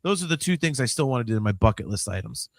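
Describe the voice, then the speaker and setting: A man of about fifty, hosting a podcast in casual chat, animated and swearing freely, swinging between mumbling asides and loud outbursts. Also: medium pitch, fast talker, creaky, no room sound, studio quality. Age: 50s. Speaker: podcast host.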